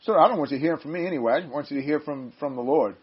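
An older man leading a casual Bible study, chatty and quick to laugh, often breaking off his own sentences. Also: on the high side, noisy background. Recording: dull lo-fi sound.

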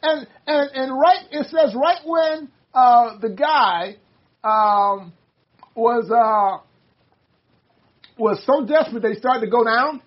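An older Bible study leader talks casually, stumbling over restarts as they read passages aloud. The voice sounds slightly husky and sits in a mid register. The recording is dull and lo-fi. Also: medium pitch, slow pace. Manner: rambling, many restarts, reads passages aloud.

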